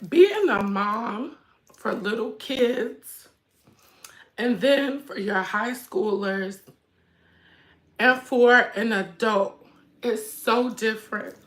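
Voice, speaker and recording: A woman's voice: on the high side, very slow, long pauses. A middle-aged woman hosting a livestream, speaking with her viewers casually and directly while she fights back tears. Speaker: livestream host and mother. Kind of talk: emotional casual livestream chat.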